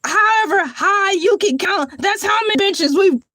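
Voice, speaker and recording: A woman's voice: extremely high pitch, animated, normal speed, pushed and bright, no echo, full character voice. A woman voicing a boastful male shark who hosts his own show, talking in a grandiose, rambling, self-praising way. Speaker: host. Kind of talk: character livestream show.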